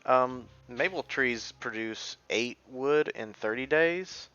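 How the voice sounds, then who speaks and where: A man's voice: mid-range voice, takes it slowly, sharp tone, no room sound, muffled recording. A man giving casual gameplay commentary as a let's play streamer, thinking aloud and muttering half-finished sentences as he plays.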